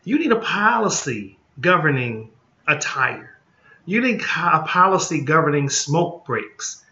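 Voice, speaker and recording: Here a man with a slightly high, sing-song voice and a sharp edge speaks at an unhurried pace. He's a group home licensing consultant running an informal training, folksy and blunt, repeating himself and tossing in "okay?" to check on listeners. Echo fills the slightly muffled room.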